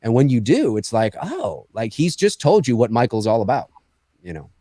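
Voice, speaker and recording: A man co-hosting a podcast in casual chat, animated and teasing, laughing often. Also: mid-range voice, normal speed, no room sound.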